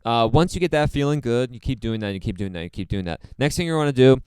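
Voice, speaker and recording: A man giving a casual drum lesson in a relaxed way, with plenty of fillers and repeated phrases. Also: mid-range voice, quick pace, smooth, no echo. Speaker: drum teacher. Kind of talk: casual instructional talk.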